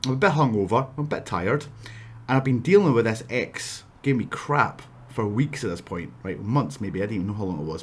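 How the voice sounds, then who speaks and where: A man's voice: on the low side, animated, quick pace, slightly rough. A man with a Scottish accent casually telling a wrestling story, rambling with asides and restarts.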